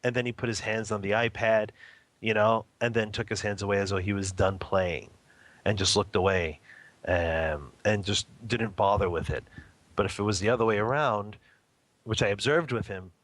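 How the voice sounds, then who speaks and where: Recorded with no room sound, a man with a lowish, slightly bright voice talks at a moderate pace. As an interview guest, father, and home meditation practitioner, he teaches casually about spiritual practice and family life. "Okay?" and "you know" come up often, along with plenty of chuckling.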